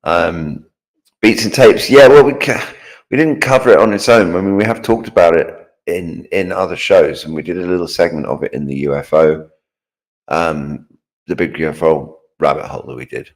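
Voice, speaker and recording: Low-voiced guy co-hosting a stream, chill, reads out chat comments and replies. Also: normal speed. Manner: relaxed, reads out viewer chat and answers it. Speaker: co-host. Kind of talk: casual live-stream chat.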